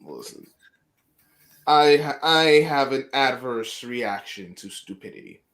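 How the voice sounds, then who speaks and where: A man's voice: mid-range voice, takes it slowly. A man from the US East Coast hosting a casual live stream, ranting and laughing often. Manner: animated ranting with frequent laughs.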